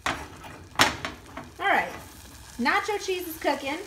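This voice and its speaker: A woman's voice: very high voice, expressive, very slow, heavy background noise. A young woman comedian filming a casual cooking vlog in her home kitchen, joking, swearing and chanting silly chopping songs.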